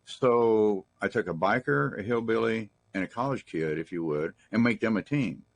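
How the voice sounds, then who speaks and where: A middle-aged Texan guest spins rambling, folksy anecdotes in an interview, restarting sentences as he goes. His voice is lowish, expressive, and creaky, at a normal speed.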